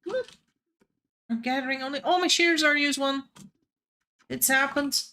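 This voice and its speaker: A woman streaming a game in a casual, playful way, chatting with other players and her viewers. Her voice is bright and sits a little high, and she talks slowly and unhurriedly.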